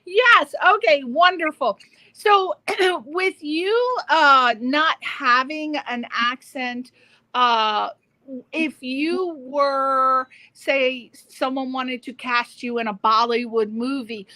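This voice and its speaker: A woman's voice: high-pitched, slow pace, pushed and bright, dry recording. A woman hosting an interview show, chatty and enthusiastic, asking loose, rambling questions. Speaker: host. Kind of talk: casual interview chat.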